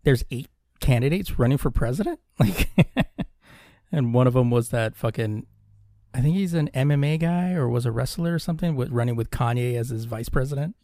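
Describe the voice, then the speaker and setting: A man's voice: mid-range voice, expressive, brisk, dark tone, no room sound, clean studio sound. A man co-hosting a casual podcast, laid-back, chuckling often and swearing casually. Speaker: podcast co-host.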